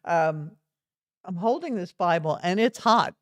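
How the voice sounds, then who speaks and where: A woman's voice: fairly low pitch, lively intonation, a little slow, dry recording. Woman, retired reverend, storytelling guest, earnest, chuckling, dry close sound. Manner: earnest, chuckles through anecdotes. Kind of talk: storytelling in conversation.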